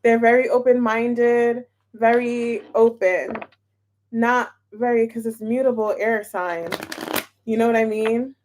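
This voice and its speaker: A woman's voice: a little high, fairly even intonation, slow pace, darkish tone, slight background noise. A young woman reading tarot and chatting casually with her viewers in a bubbly, laughing way. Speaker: tarot reader. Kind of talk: casual live-stream chat.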